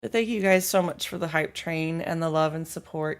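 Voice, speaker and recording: A woman's voice: sits low, normal speed, clear, resonant tone. A woman streaming live, chatting casually with viewers while feeling unwell, candid and apologetic, thanking people by name. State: feeling unwell, low energy.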